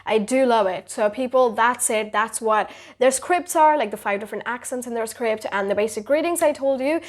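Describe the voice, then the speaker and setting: A young woman teaches a casual video lesson for beginners. Her voice sits a little on the high side. She talks loosely, leaning on fillers like "you know" and "like". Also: moderate pace. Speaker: YouTube creator teaching basic French.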